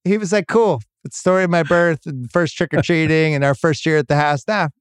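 A man's voice: a little high, steady tone, fast, clean tone, dry recording, clean studio sound. A middle-aged man hosting a podcast, telling a wry, self-mocking family story in casual chat. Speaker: podcast host.

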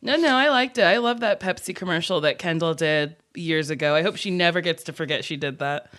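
A woman co-hosting a casual comedy chat, giggly and animated as she riffs. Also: on the low side, brisk. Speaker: co-host.

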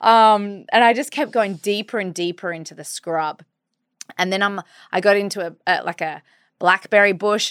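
Australian woman podcast host in her thirties, lower-pitched, animated storyteller, dry close sound. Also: clear, resonant tone, no room sound. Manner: animated, acts out her own quoted words. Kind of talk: casual storytelling chat.

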